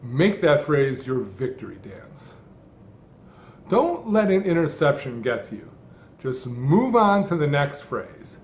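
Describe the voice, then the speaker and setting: A man gives a scripted talk on speaking technique. He delivers it in short, deliberate phrases with heavy emphasis, and his pitch swings up and down a great deal. The voice sits a little high and carries the echo of a room. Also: big pitch swings, slight background noise. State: person who stutters, speaking fluently. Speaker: speech coach. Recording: echoey room.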